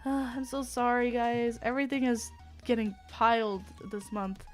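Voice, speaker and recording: A woman streaming with a sick-sounding voice, pitched a little high, who chats casually to her viewers. She rambles and apologizes, sighing and groaning between phrases. Faint music plays quietly behind her. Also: moderate pace. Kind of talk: casual live-stream chat.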